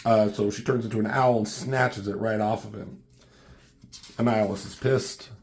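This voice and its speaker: A low, gravelly man talks through a comic story in a loose, rambling way. He swears freely, fills gaps with ums and tosses in side questions as he goes. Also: fairly even intonation, normal speed, a little mellow. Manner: rambling, profane, many ums and asides. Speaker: comic book reviewer. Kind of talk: casual comic recap.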